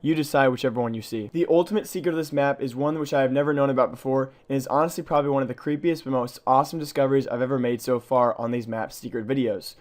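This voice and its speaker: A man narrating a scripted tour of a video game map. He is brisk and matter-of-fact, and muses over small oddities he found. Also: medium pitch. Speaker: gaming channel host.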